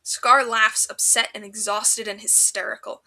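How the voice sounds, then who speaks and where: A woman reading fanfiction aloud for a podcast, in an expressive storybook narration. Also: fairly high pitch, normal speed.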